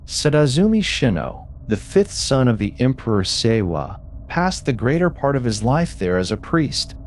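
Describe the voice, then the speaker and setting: A man narrating classic ghost stories for sleep in a measured, expressive reading. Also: medium pitch, slight background noise. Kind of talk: storytelling for sleep.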